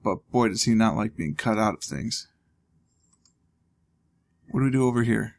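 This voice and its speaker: A man's voice: fairly low pitch, animated, normal speed, gravelly. A man hosting a let's play, casually thinking aloud with wry asides as he plays. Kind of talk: casual gameplay commentary.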